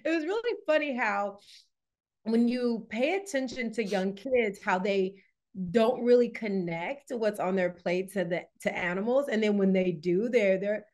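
A woman guest on a podcast, a wellness coach, telling stories in a lively, chatty way with many fillers. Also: medium pitch, a little slow. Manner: lively storyteller, laughs often, many fillers. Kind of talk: casual interview chat.

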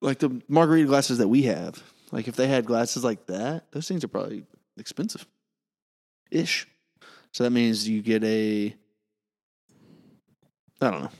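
Animated, joking man podcast co-host. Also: mid-range voice, unhurried, long pauses, big-room sound. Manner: joking, rambling, lots of "like". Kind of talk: casual chat.

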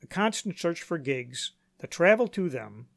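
A man hosting a podcast, reading a scripted narration in a measured, announcer-like way. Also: on the high side, big pitch swings, vocal fry, dry recording. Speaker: podcast host. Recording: dry voice-over with faint music.

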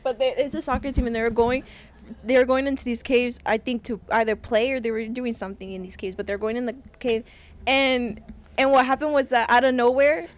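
A woman's voice: a little high, steady tone, a little fast. A woman co-hosting a casual podcast, telling a story in a rambling way full of "like" and restarts. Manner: rambling, filler-heavy storytelling. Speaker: podcast co-host.

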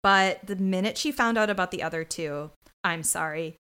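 A woman's voice: fairly low pitch, normal speed, bright, forceful tone, clear, resonant tone. A woman co-hosting a podcast, giving indignant, opinionated commentary on a TV episode in casual chat. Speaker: podcast co-host.

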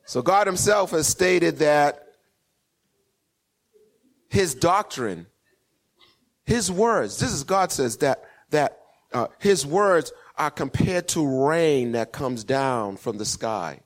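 A man preaching a sermon to his congregation, his voice sitting a little high for a man. He works in call-and-response, swinging up to emphatic peaks and then dropping back down. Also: animated, takes it slowly, pauses often. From West Indian parents. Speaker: pastor.

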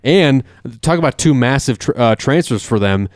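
A man's voice: mid-range voice, animated, normal speed, dry recording, studio quality. A man co-hosting a casual sports talk show, eager and tripping over terms as he explains. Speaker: co-host.

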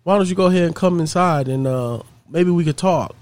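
A man's voice: on the high side, a little fast, a little mellow, dry recording, pitched above the performer's own voice, natural voice. Brief: easygoing male radio DJ, lifted coaxing voice, put on by a man, dry sound.

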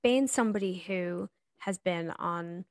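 A woman's voice: on the low side, a little slow, over music. A woman co-hosting a podcast, asking supportive questions in a casual way and swearing now and then, over a remote call. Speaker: podcast co-host. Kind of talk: casual chat. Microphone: remote call recording.

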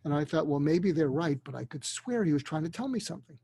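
An older man, a psychiatrist, telling a story earnestly and deliberately, dropping to a hush for emotional moments. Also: on the high side, lively intonation, gravelly, husky, no echo. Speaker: guest, psychiatrist. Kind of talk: storytelling in a conversation. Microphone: video call.

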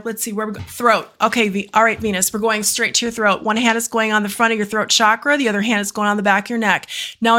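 A woman's voice: on the high side, pushed and bright. Effusive woman doing a live energy healing. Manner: effusive, rambling, fast with exclamations. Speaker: oracle card reader and energy healer. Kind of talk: live-stream channeled healing session. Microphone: live stream setup.

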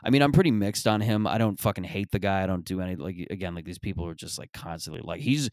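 A man's voice: low-pitched, lively intonation, fairly quick, darkish tone, dry recording. A man hosting a comedy podcast, rambling through a profane, self-deprecating monologue. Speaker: comedian host.

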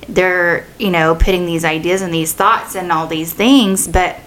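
A woman's voice: fairly low pitch, fairly even intonation, a little slow, fairly bright tone. A woman co-hosting a casual faith talk, speaking passionately and asking pointed questions. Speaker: co-host.

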